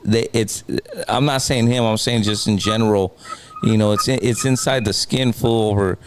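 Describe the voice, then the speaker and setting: A man's voice: lowish voice, fairly even intonation, normal speed, background noise. A man co-hosting, talking in a slangy, reflective way.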